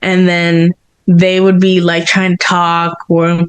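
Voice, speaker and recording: A woman in her twenties, a student guest on a casual podcast, telling stories in an animated way, acting out her own reactions and laughing often. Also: lowish voice, slow pace, clear, resonant tone.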